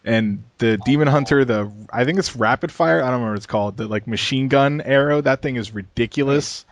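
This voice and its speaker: A man's voice: mid-range voice, a little fast, dry recording. Ontspannen man met veel aarzelingen. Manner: relaxed, hesitant with many fillers, chuckles. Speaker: podcast co-host. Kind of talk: casual gaming podcast chat.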